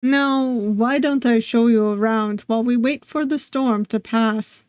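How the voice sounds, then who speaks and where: A woman voicing a tall, courtly old-world nobleman with a deep, formal delivery and a slight put-on Russian accent. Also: fairly even intonation, normal speed, dark tone, no room sound, clean studio sound, close to an everyday voice. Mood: gracious. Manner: deep, formal and smooth, calling the listener darling. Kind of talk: game voice acting while reading aloud.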